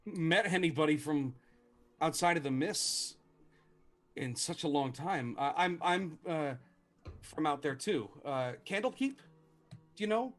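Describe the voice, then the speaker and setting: A man voicing an excited young adventurer in a tabletop game, in his own plain voice with stammered restarts. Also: a little high, measured pace, pauses often, faint music behind. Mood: eager friendly. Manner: hesitant, lots of stammered restarts. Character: young adult man from beyond the mists, eager and friendly. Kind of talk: tabletop game role-play.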